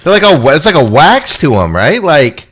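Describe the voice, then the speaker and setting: Lively man chatting sports. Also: on the high side, slightly rough. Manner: animated, laughs often, talks in quick bursts. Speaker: podcast co-host. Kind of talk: casual sports chat. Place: home studio. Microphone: podcast microphone with headphones.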